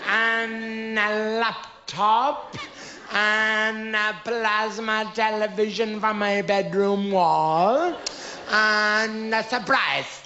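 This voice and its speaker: Middle-aged Dublin Irish man, stand-up storyteller, fairly high voice, dull lo-fi sound. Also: very slow. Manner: lively storyteller, acts out characters in his own voice. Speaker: comedian. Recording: dull lo-fi live recording.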